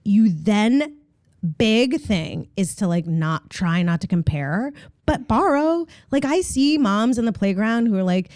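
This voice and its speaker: A woman's voice: medium pitch, animated, unhurried, a little mellow, dry recording, clean studio sound. A middle-aged woman, a podcast guest, chatting playfully with frequent laughs and filler words. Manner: playful, laughing, acts out her toddler's lines. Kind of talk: casual chat.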